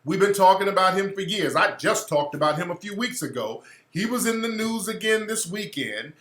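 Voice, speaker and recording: Combative bright-voiced male radio host. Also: high-pitched, expressive, normal speed. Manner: combative, profane, mocking. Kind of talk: opinionated radio monologue. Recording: echoey room.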